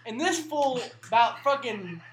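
A man's voice: very high-pitched, expressive, unhurried, a bit bright. A young man in casual, profane chat with friends, often laughing through his stories. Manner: laughing, crude storytelling. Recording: echoey room with chatter.

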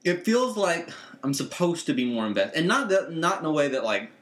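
A man's voice: fairly high pitch, sing-song, brisk, a bit bright. Male podcast co-host, casual rambler, roomy echo on the voice. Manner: rambling, trails off and restarts often. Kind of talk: casual chat. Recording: echoey room.

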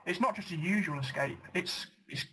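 A man trades silly bits in a casual podcast chat. He rambles through deadpan jokes with lots of fillers, his voice pitched slightly high. A faint hiss sits under the recording. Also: moderate pace, poor audio. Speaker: podcast co-host.

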